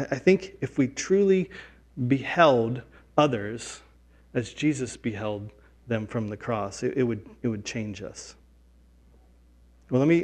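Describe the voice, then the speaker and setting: A man preaching a sermon, earnest, dropping low and soft and then rising loud in acted lines. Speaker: pastor.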